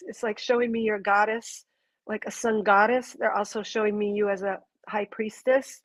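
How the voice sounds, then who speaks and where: A woman's voice: medium pitch, steady tone, normal speed, dry recording. A woman giving a live intuitive reading to a viewer, earnest and gushing, rambling through restarts. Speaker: intuitive reader.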